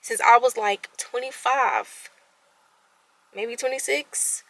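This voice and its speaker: A woman's voice: a little high, takes it slowly, no echo, low-quality recording. A woman in her late twenties talking candidly about her feelings, her voice at times cracking as she holds back tears. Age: 20s. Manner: candid, expressive, swings between soft and loud. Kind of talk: emotional personal venting.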